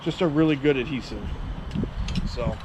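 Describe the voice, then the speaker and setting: A man hosting a do-it-yourself build, explaining each step in a relaxed, chatty way with the odd filler. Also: mid-range voice, normal speed, heavy background noise. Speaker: handyman host. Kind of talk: casual DIY instruction. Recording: clear music playing under the voice.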